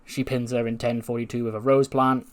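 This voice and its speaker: A man's voice: mid-range voice, flat delivery, a little fast. A man casually narrating a wrestling management game, chuckling at his own storylines. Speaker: gaming channel host. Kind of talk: casual let's-play narration.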